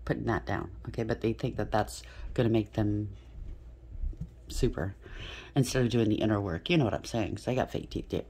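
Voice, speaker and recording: A woman's voice: very deep voice, fairly quick, a little mellow, a little hiss or hum. A middle-aged woman giving a casual tarot reading, blunt and chatty, swearing freely and often checking in with "okay?". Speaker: tarot reader.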